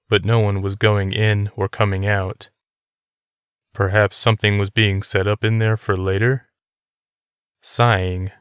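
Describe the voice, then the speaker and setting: A man narrating a novel as an audiobook, reading in a steady, unhurried way. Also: on the low side, smooth, no echo, studio quality. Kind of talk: scripted narration.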